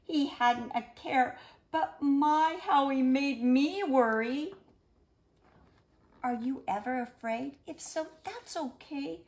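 A woman reading a rhyming children's picture book aloud in a gentle, expressive storytelling manner. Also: high-pitched, takes it slowly.

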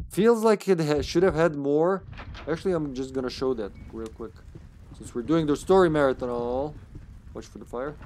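A man's voice: mid-range voice, darkish tone, a little hiss or hum. Joking male game streamer. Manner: joking, laughs often, talks to his co-op partner. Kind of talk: casual live gameplay commentary.

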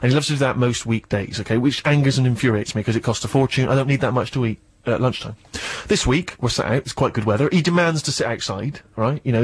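Radio host guy, quick animated talk, squeaks up when he gets indignant, husky. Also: no echo. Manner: animated, self-mocking, rising to high indignant squeaks. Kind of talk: comic storytelling on radio.

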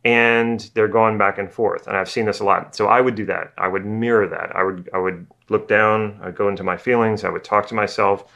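Low-voiced man teaching NLP. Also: fairly even intonation, creaky, bright, forceful tone, dull audio. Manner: casual, conversational, repeats himself as he thinks; acts out slow and fast talkers. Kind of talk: explanatory video lesson.

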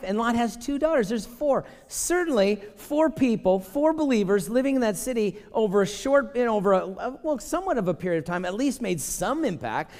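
A male pastor preaching a conversational sermon, animated and emphatic, talking straight to his congregation. His voice sits a bit high for a man and rings with the long reverb of a church sanctuary.

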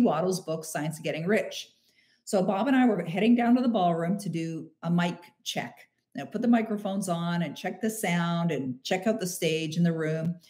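A middle-aged woman hosting a motivational live stream, answering listener questions warmly and slowing down to stress key phrases. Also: fairly low pitch. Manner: warm, emphatic, slows down on key phrases.

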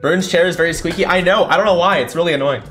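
A young man giving casual live commentary on a football game he is playing, thinking aloud and breaking into excited shouts. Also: on the high side, quick pace, soft background music. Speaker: gaming streamer. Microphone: desk mic without a condenser.

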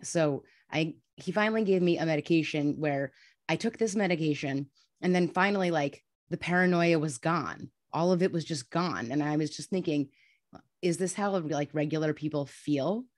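A woman in her thirties from New York, with a New York accent, telling her story bluntly and candidly as a podcast guest, full of "like" fillers. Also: sits low. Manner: blunt, fast, animated, many "like" fillers.

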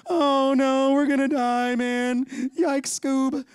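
A preacher voicing Peter as a panicky, chatty disciple who talks like a goofy cartoon slacker. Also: male voice, extremely high pitch, little pitch movement, slow pace, no room sound, voice pushed up. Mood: panicked. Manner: frantic, loud, stretched-out words. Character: panicky, talkative male disciple Peter, Shaggy-like.

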